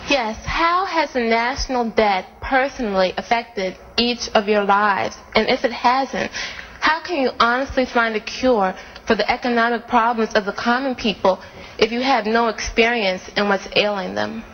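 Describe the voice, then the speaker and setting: A woman with a somewhat high voice questions a panel from the audience. She presses persistently, asking again and again for a direct answer. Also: normal speed, fairly bright tone, in a large hall, poor audio.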